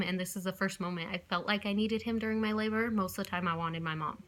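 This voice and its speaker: Chatty young woman with a bright voice. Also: mid-range voice, a little fast. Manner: rambling, chatty, often apologizing and backtracking. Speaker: vlogger. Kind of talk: casual storytelling to camera.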